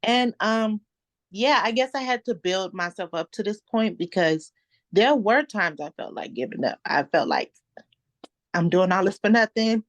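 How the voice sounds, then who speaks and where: A woman in her twenties, an author guest, speaking softly and earnestly in a casual interview. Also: medium pitch, animated, normal speed, no room sound. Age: 20s. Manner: soft-spoken, earnest and reflective.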